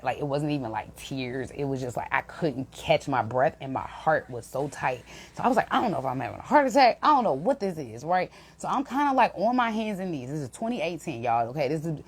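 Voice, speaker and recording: Casting: young woman, husky low voice, emotional storyteller who talks straight to viewers. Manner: emotional, animated, addresses viewers as y'all. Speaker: intuitive reader.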